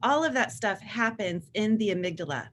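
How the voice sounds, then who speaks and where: A woman in her forties, a therapist and author, gives an enthusiastic, warm talk to parents, sometimes acting out teen voices when quoting what kids say. Her voice is medium in pitch with lively intonation at normal speed, and a little hiss or hum is audible.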